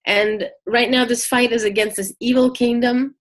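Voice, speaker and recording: Woman teacher, somewhat high voice, casual storytelling lesson with lots of fillers. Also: moderate pace. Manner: conversational, many fillers and restarts, animated retelling.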